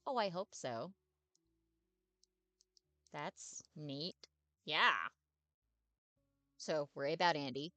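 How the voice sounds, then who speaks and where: A woman playing a game and reading its text aloud, with relaxed, playful asides. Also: sits low, slow, pauses often, dry recording. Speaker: game streamer. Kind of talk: gameplay commentary and reading.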